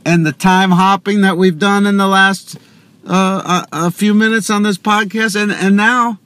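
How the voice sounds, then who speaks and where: A man with a high, fairly bright voice hosts a podcast from his car, speaking at a measured pace with fairly even intonation. His monologue is loose and chatty, drifting off topic as he keeps interrupting himself.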